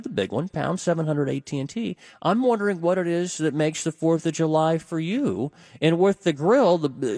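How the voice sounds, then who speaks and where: A man's voice: a little high, a little mellow, no room sound. Rambling male radio talk host, dry sound. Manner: rambling, conversational, poses questions to listeners. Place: radio studio.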